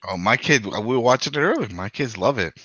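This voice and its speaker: A man co-hosting a casual podcast with excitable, joking banter. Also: medium pitch, quick pace, slightly rough, no room sound. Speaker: podcast co-host. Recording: dull lo-fi mic.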